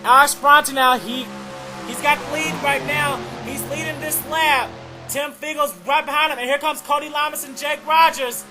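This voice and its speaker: High-voiced, excitable young male race caller. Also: normal speed, over music. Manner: excitable, keeps saying "oh man". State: out of breath. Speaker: race commentator. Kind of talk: excited play-by-play commentary.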